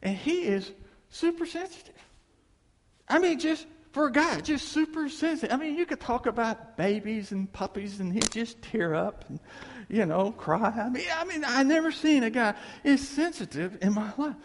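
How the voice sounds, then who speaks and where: A man with a high voice whose pitch swings widely tells a story from the pulpit. His delivery is animated and folksy, with plenty of repeated "I mean"s. The sound carries a long hall reverb, as in a big church. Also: moderate pace. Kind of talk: sermon storytelling.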